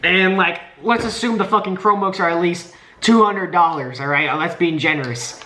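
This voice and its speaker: A man's voice: high-pitched, normal speed, sharp tone. A young man from Nebraska in his late teens, complaining in a profane, sarcastic vlog rant. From Nebraska, USA. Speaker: vlogger. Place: indoor room by a window. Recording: roomy, echoey room.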